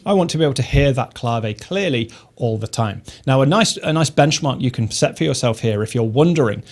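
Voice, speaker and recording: A man teaching snare drum technique, explaining each step calmly and methodically. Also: mid-range voice, a little fast, hardly any pauses. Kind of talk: instructional explanation.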